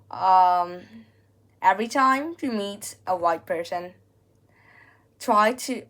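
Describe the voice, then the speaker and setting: Young female vlogger, from Vietnam, casual comedic talk to camera, rambling delivery with frequent restarts, mid-pitched voice. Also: fairly bright tone. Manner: rambling, searching for words, restarting sentences. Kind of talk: casual comedic vlog monologue.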